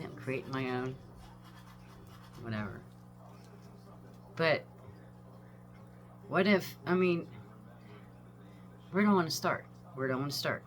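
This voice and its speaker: A woman's voice: low voice, a bit bright. A woman in her fifties giving a rambling, emotional personal monologue, swearing freely, trailing off and restarting. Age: 50s. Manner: emotional, profane, meandering, frequent sighs and laughs. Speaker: vlogger.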